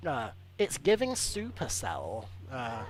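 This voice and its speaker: A man's voice: mid-range voice, wildly swooping pitch, takes it slowly, low-quality recording. A man hosting a let's play, reading hero bios aloud and joking between them in a chatty way. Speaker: gaming channel host.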